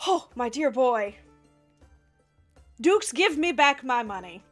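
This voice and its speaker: A woman's voice: high-pitched, lively intonation, slow pace, soft background music. A woman doing a hearty big gambling man. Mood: jovial.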